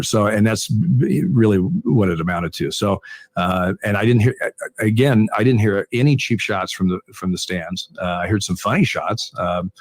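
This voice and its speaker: An older man, a retired umpire, tells stories in an interview, halting and repeating words, with frequent chuckles. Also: sits low, no room sound. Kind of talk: conversational interview storytelling.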